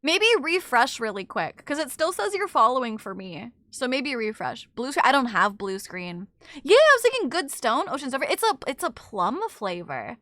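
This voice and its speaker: Bubbly, bright-voiced woman streamer. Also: high-pitched, very animated, no room sound, clean studio sound. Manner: apologetic, bubbly, quick to laugh and gasp. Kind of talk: casual chat with stream chat.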